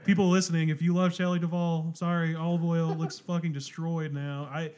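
A man's voice: fairly high pitch, flat delivery, a little fast, darkish tone. A young man hosting a podcast, telling anecdotes in casual chat, laughing often and swearing freely. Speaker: podcast host.

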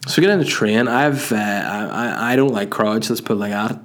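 Man, podcast host, lowish voice, rambling, swears freely, trips over his words. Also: brisk, a bit bright. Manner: rambling, profane, self-mocking with stumbles. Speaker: podcast host and stand-up comedian. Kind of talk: casual solo podcast storytelling. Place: home dining room.

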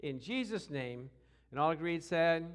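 A man preaching a sermon as pastor, lively and calling for responses from the congregation. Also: on the high side, measured pace.

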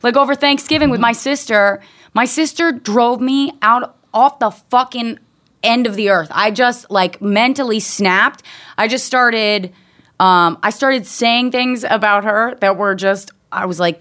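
A woman's voice: a little high, measured pace, fairly bright tone. A woman in casual chat, telling a story with lots of restarts and swearing.

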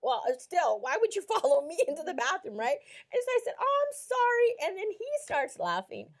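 A woman's voice: high voice, fairly quick. A woman on a Christian talk show telling a story with lots of acted-out quotes and frequent laughter. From Mexico. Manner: animated storyteller, acts out quotes, laughs often.

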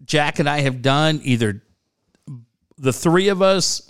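Animated middle-aged man telling stories. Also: measured pace, clear, resonant tone. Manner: animated, swearing, jumps into loud high quoted voices. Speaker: storyteller in a chat. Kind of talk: casual chat.

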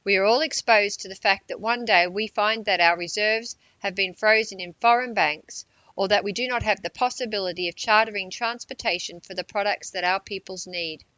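A woman reading a political news report in a measured narration, with quotes read aloud. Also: medium pitch, bright, forceful tone, dry recording, dull audio.

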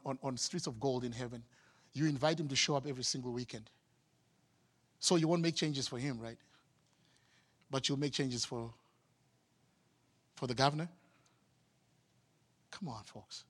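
A man from Zimbabwe preaching a sermon as a pastor, animated, swinging from loud exclamations to quiet asides. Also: mid-range voice, in a large hall.

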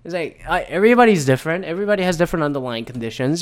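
A man's voice: on the high side, animated, fast, few pauses. A man ranting casually about the news, heated and rambling, swearing often and mimicking other people. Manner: mimics others in quoted asides. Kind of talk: casual rant on current events.

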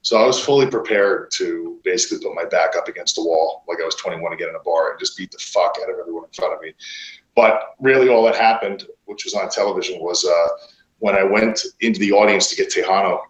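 A man, a pro wrestler guest, telling stories casually, swearing a lot and filling pauses with "uh". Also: deep voice. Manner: profane, rambling with many fillers. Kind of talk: casual interview storytelling. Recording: roomy echo.

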